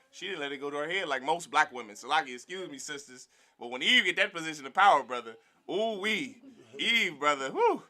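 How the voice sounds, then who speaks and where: A man teaching a Bible class in a lively preaching manner, calling for response from the room and mimicking other people's voices. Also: a little high.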